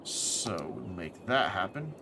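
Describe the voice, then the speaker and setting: A man's voice: on the low side, lively intonation, takes it slowly, vocal fry, background noise. A man thinking aloud as he plays a city-building game on a live stream, correcting himself as he goes, tired and with the hiccups. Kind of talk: casual gameplay commentary.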